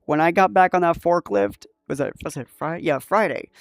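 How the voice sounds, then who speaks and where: A man's voice: fairly high pitch, lively intonation, moderate pace, no room sound, clean studio sound. A young man hosting a podcast, telling stories in casual chat, laughing often and swearing. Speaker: podcast host.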